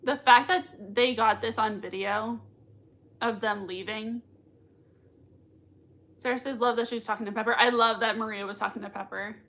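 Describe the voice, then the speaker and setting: A woman hosting a live watch-party reaction, gushing excitedly, laughing often and reading out chat comments. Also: on the high side, normal speed, long pauses. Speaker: livestream reaction host.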